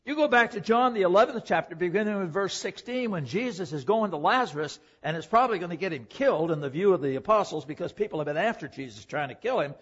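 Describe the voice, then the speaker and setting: A man preaching a sermon, emphatic, swinging between loud declaring and hushed, quiet passages. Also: high voice, animated, fast talker, hardly any pauses, breathy edge. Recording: dull lo-fi recording.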